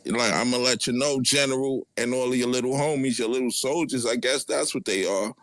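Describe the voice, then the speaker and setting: A man's voice: mid-range voice, fairly quick, fairly bright tone, no room sound. A man with a Brooklyn accent trash-talking a rival on a live audio chat in a taunting, profane, mocking way. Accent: Brooklyn New York.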